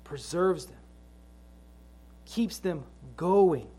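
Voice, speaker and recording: The congregation hears a middle-aged pastor mix casual family stories with slow, weighty repetitions of scripture. His voice is high-pitched and darkish in tone, with lively intonation.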